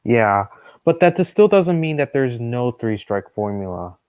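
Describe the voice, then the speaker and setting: A man's voice: medium pitch, big pitch swings, a little mellow, smooth, dry recording. A young man in casual chat as a stream guest, chatty and opinionated. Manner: chatty, opinionated, quick agreeing. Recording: dull, dry lo-fi stream audio.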